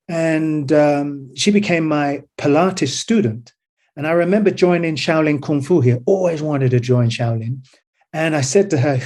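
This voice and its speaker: Earnest man with a slightly high voice. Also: a little mellow. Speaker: podcast guest, movement teacher. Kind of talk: casual conversation.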